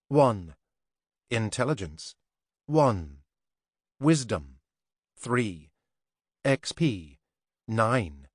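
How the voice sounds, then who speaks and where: A man reading an audiobook in steady, measured scripted narration, close to a studio mic. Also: fairly low pitch, no echo.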